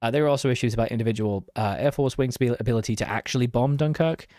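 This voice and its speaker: A man's voice: medium pitch, rapid-fire, a little mellow, dry recording, studio quality. A young man streaming a strategy game, chatting casually, mocking himself and answering his chat.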